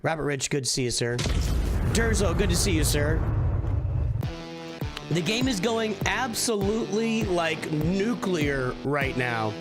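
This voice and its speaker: A man's voice: on the high side, expressive, unhurried, long pauses, over loud music. A middle-aged man hosting a casual morning live stream, rambling and often restarting his sentences as he thinks aloud. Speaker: streamer and channel host.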